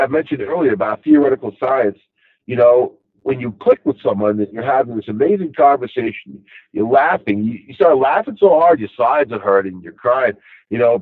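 A man's voice: mid-range voice, no echo. A middle-aged man with a Long Island accent, talking casually in a loose, rambling way full of "you know"s. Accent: Long Island New York. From Long Island, New York. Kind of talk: casual monologue. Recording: tinny phone-like audio.

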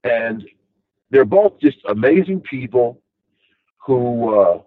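A man's voice: medium pitch, animated, slow, no echo. A middle-aged man with a Long Island accent, talking casually in a loose, rambling way full of "you know"s. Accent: Long Island New York. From Long Island, New York. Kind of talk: casual monologue. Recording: tinny phone-like audio.

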